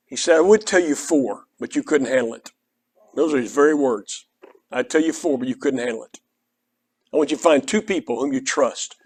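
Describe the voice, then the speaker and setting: A man's voice: a little high, husky. Older southern preacher guy telling a story to the congregation, earnest and chatty. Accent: Oklahoma Southern. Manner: earnest, conversational, quotes others in dialogue. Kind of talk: storytelling sermon.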